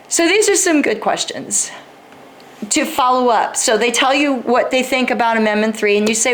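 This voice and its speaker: A woman's voice: sits high, expressive, moderate pace, a bit bright. Conversational woman teaching a group. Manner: conversational, acts out sample dialogues in quotes; asks the audience questions directly. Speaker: speaker teaching a class on persuasion. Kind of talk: instructional talk to a live group.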